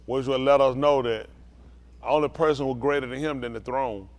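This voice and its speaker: A man's voice: mid-range voice, fairly even intonation, a little fast. A man preaching as a pastor, teaching scripture and often asking the listeners if they follow. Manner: keeps checking the listeners understand. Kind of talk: bible teaching with call-and-response.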